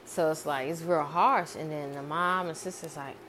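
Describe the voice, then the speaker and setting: A woman's voice: sits low, steady tone, moderate pace, few pauses, a bit bright, a little hiss or hum. A woman casually retelling a movie script she dreamed up, rambling and repeating herself with many fillers. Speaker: amateur screenwriter.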